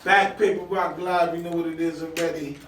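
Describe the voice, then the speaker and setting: A man's voice: fairly high pitch, fairly even intonation, fairly quick, a bit bright, slight background noise. A man co-hosting an interview show, tossing in crude jokes and banter. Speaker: co-host. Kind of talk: casual banter. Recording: echoey room, mic at a distance.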